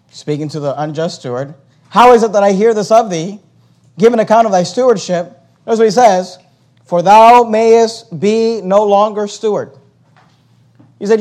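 A man's voice: sits high, darkish tone. A man preaching a sermon, impassioned, often repeating words as he builds a point. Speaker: pastor.

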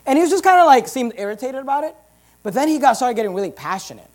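A pastor preaching a sermon in an emphatic, punchy style with big loud swings. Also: male voice, very high voice, sing-song, racing.

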